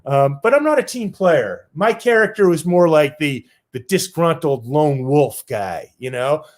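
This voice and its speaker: A man's voice: on the high side, expressive, a little slow. A man telling a personal story on stage in a loose, casual way with lots of filler words.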